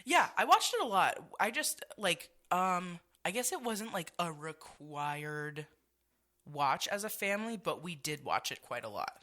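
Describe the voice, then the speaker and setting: A woman podcast co-host with a fairly low voice that still rings bright and forceful. She chats casually and bluntly, swearing and laughing freely. Her reactions land with an expressive edge. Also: a little slow. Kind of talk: casual chat.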